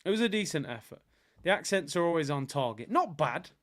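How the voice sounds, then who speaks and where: A young man hosts a football watchalong with easy, chatty banter and slang. His voice is slightly higher than most men's. He talks casually, as if to friends. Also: expressive, fast. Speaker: livestream host.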